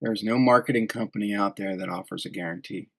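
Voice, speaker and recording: A man hosting a podcast, talking in a relaxed, conversational way about his own business. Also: fairly low pitch, quick pace, gravelly. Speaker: podcast host. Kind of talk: casual interview chat.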